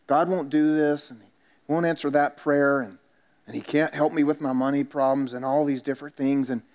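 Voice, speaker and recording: A man's voice: on the high side, a little mellow. A man, a pastor preaching a sermon in a church and telling stories with self-mocking humor. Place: church sanctuary.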